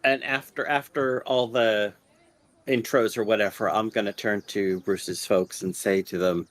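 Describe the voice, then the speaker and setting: A man's voice: fairly low pitch, measured pace. A man playing a tabletop game, talking in a playful way. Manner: playful, animated. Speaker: player.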